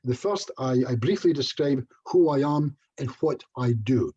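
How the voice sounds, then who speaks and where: A man's voice: mid-range voice, moderate pace, dark tone, breathy edge, lo-fi sound. A middle-aged Scottish man giving a casual online presentation as a hypnotherapist, chatty and self-deprecating, with little jokes. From Scotland.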